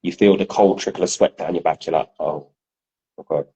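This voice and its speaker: A man co-hosting a podcast, telling stories in a casual, animated way and swearing freely. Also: low-pitched, quick pace, slightly rough, rough recording. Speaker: podcast co-host. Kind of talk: casual chat.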